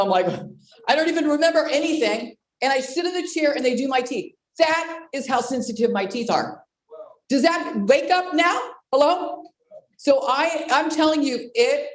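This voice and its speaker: Excitable high-voiced woman in her sixties. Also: roomy sound, poor audio. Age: 60s. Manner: excitable, exclamatory, addresses listeners directly. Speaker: presenter at a network marketing team call. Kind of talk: animated personal testimony. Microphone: video call.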